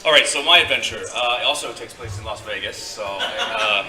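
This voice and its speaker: A man's voice: lowish voice, normal speed, music in the background. A man telling a rambling live story on stage, with many fillers and restarts. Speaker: storyteller guest. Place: convention stage before a live audience. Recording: echoey hall, distant mic.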